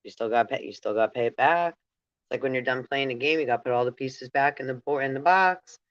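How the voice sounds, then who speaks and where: Talking fast in a mid-range, slightly bright voice, a man runs a spiritual channel and drifts through a rambling monologue. He keeps restarting, tosses in "right?" again and again, and breaks into laughter while conveying messages. The sound is lo-fi but free of echo.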